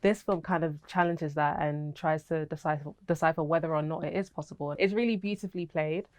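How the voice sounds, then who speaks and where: A woman's voice: low-pitched, fairly even intonation, brisk, no room sound. A young woman with a British accent, an actress answering interview questions in a candid, chatty way and laughing easily.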